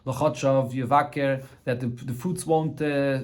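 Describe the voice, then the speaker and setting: A man's voice: mid-range voice, fairly even intonation, unhurried. A man teaching a daily Talmud class, translating phrase by phrase and often restarting mid-sentence.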